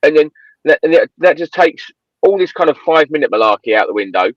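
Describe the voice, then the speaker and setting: A man's voice: a little high, sing-song, fast, dry recording. A man making emphatic points in casual football chat. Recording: dull dry lo-fi sound.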